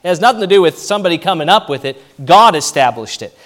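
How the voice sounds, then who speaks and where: Emphatic preacher, slightly high voice. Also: male voice, expressive, fast talker. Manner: emphatic preaching, rising and dropping in loudness. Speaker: pastor. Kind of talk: sermon.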